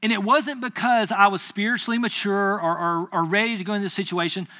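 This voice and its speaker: A man's voice: sits high, fast talker. A man in his thirties, a pastor, telling a personal story in a sermon and acting out his own angry lines. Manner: animated, acts out his own anger in quoted lines.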